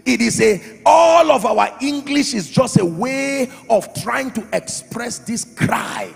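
A man preaching a sermon as pastor, emphatic, swinging from loud shouts to quiet drops. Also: very high voice, expressive, slow pace, creaky, hardly any pauses. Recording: reverberant hall with faint music.

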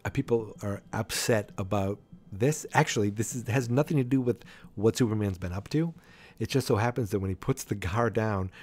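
A man's voice: lowish voice, darkish tone. A man hosting a podcast, casually recapping a comic in a chatty, wry way with asides. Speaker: podcast host.

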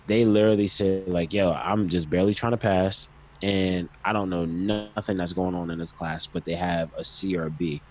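Deep-voiced man rambling on a podcast. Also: darkish tone, poor audio. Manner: rambling, lots of restarts. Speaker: podcast co-host. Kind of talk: casual chat.

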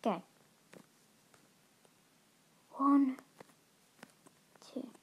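Young woman gamer, playful and excitable, unhurried delivery, slightly high voice. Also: lo-fi sound, slight background noise. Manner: playful, excitable, talks to other players. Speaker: gaming video host. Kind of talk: casual gameplay commentary.

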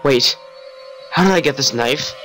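A man voicing a panicked, guilt-ridden young male killer in low, tense mutters. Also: a little slow, music in the background, lightly acted.

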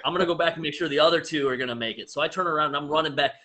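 Bright-voiced man hosting a casual interview. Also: fairly high pitch, rapid-fire, low-quality recording. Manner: lively storyteller, laughs often. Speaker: host.

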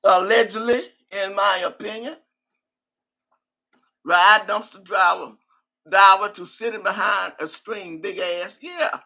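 A woman's voice: medium pitch, slow pace, sharp tone. An older woman hosting a live stream, reading viewer comments and then launching into an angry, profane rant. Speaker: livestream host. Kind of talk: live reaction stream, reading chat and ranting.

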